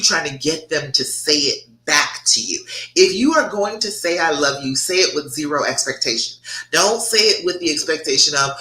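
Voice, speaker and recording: A woman's voice: deep voice, lively intonation, normal speed, pushed and bright. A woman love coach giving frank, sassy relationship advice on a livestream and answering viewer comments. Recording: echoey room.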